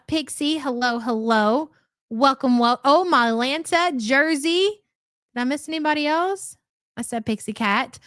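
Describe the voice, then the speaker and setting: A woman's voice: high-pitched, fairly bright tone, dry recording, studio quality. A woman hosting a live commentary stream, chatty and sarcastic as she reacts to clips and thanks viewers. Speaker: livestream commentary host.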